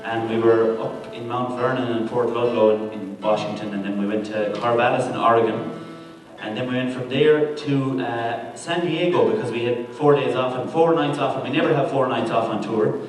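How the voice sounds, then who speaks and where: A man's voice: mid-range voice, steady tone, moderate pace. A man from Ireland, out of breath, chatting on stage between songs in a chatty, self-mocking way. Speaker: touring band member. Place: live music venue. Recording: echoey live room from far off, loud music.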